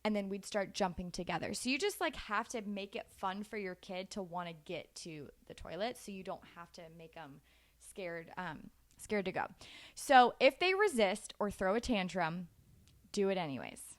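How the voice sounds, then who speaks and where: A woman in her twenties giving casual, animated parenting advice in a chatty way, laughing easily. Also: medium pitch, moderate pace. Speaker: parenting vlogger.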